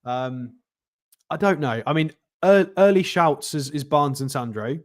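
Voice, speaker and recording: A man hosting a live football watchalong, chatty and excitable, reading out and thanking viewer messages. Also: on the high side, a little slow. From North East England. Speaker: football channel host. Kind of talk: live match watchalong commentary.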